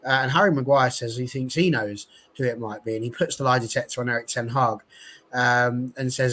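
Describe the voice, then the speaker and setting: A man's voice: medium pitch, fairly even intonation, brisk, fairly bright tone, low-quality recording. A man hosting a casual fan chat, musing aloud and posing rhetorical questions to his co-hosts.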